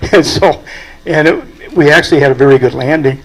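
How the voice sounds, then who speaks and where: A man's voice: on the high side, a little fast, breathy edge, poor audio. An older man, speaking at a memorial and telling folksy anecdotes with chuckles. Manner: folksy storytelling, chuckling at his own stories. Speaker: aviation club president giving a eulogy.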